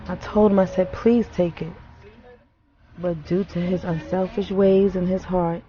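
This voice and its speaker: Brief: actress as a grieving wife, low-pitched, halting and reflective, on a dull recording with light hiss. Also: female voice, steady tone, close to an everyday voice. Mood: wistful. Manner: reflective, halting, soft-spoken. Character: grieving wife remembering her late husband. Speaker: grieving widow. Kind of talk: film monologue.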